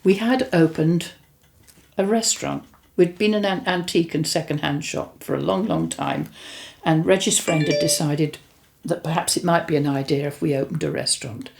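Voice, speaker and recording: A woman's voice: low-pitched, very animated, moderate pace, creaky, darkish tone. An older woman with a chatty, rambling way of telling stories about her spiritual experiences, often correcting herself. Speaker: host recounting spiritual experiences. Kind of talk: casual storytelling and reading aloud.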